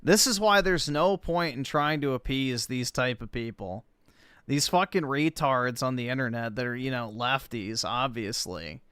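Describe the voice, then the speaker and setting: A man's voice: mid-range voice, moderate pace, fairly bright tone, clean tone, dry recording, clean studio sound. A man hosting a livestream, reacting to videos in heated, profane rants. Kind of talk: live reaction commentary.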